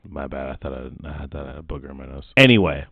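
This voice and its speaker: A man's voice: rumbling low, fast talker, no echo. A man giving casual, profane reaction commentary, often muttering and laughing in asides. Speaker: reaction streamer. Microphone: desk mic he keeps moving. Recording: tinny phone-like dry sound.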